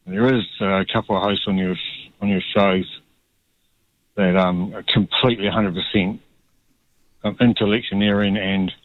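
A man with a New Zealand accent calling in to talkback radio, speaking haltingly with many ums. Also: lowish voice, little pitch movement. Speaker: caller. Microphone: phone line. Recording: dull phone line.

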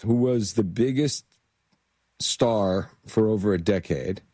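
Animated man telling stories. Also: on the low side, takes it slowly, dry recording. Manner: animated, laughs often, many fillers. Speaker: actor guest. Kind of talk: casual anecdotal storytelling.

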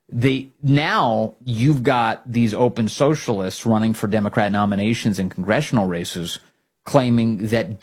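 A man hosting a political talk show, animated and sarcastic, often mocking opponents. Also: fairly low pitch, husky. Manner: animated, sarcastic, mocks opponents in put-on voices. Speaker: radio show host.

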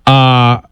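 A man's voice: sits high, creaky, a bit bright, dry recording. Man, middle-aged, radio talk host, self-mocking banter, dry close sound. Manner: jokey, self-deprecating, quick asides.

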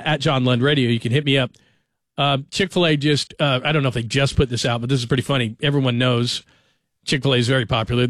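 A man's voice: medium pitch, fairly bright tone, no room sound. A man in his forties hosting a sports radio show, telling joking stories in a chatty, casual way. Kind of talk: casual talk radio monologue.

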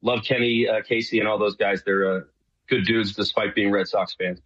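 Middle-aged new york guy on a muffled remote line, husky, rambles and restarts a lot. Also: lowish voice, steady tone, moderate pace, fairly bright tone. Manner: earnest, rambling with many restarts. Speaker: guest. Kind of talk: casual remote interview.

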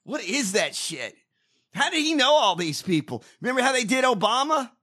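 A man hosting a casual podcast, ranting with profanity and bursts of shouting. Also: extremely high pitch, sing-song, normal speed. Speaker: podcast host. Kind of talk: casual chat.

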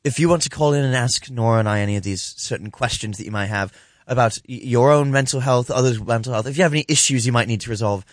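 A man co-hosting a comedic call-in show, with deadpan, mock-formal banter. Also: mid-range voice, fast, no room sound, clean studio sound.

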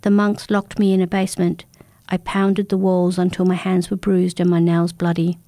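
A woman narrating a first-person folk tale in a calm, measured, intimate manner. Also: lowish voice, no room sound. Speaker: storyteller.

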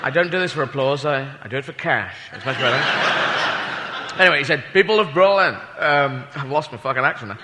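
A man's voice: medium pitch, fast. Rambling stand-up man in a hall. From Britain. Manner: rambling, self-mocking, sweary asides. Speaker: stand-up comedian. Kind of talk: stand-up comedy. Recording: reverberant hall with loud crowd noise.

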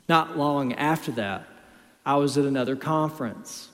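Pastor, male, 30s, fairly high voice, dynamic preacher, church hall reverb. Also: animated, a little slow, pauses often. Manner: emphatic preaching, swings between quiet storytelling and loud exhortation. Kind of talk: sermon.

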